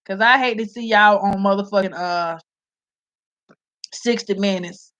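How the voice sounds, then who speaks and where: A woman vlogger giving casual comedic commentary straight to her viewers, animated and profane, and often laughing. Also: mid-range voice, unhurried, dull audio.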